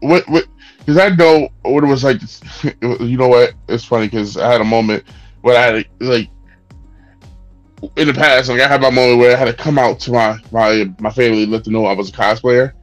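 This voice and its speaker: A young man, a cosplayer guest on a podcast, telling family stories in a lively, laughing conversational way. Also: mid-range voice, faint music behind. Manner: animated storyteller, quick laughs. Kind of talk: casual podcast chat.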